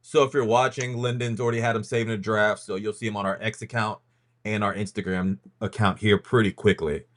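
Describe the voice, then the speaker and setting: Low-voiced man hosting a casual podcast. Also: fairly even intonation, brisk, a bit bright. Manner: loose and talkative, full of ums and restarts. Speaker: podcast host leading a rankings reveal.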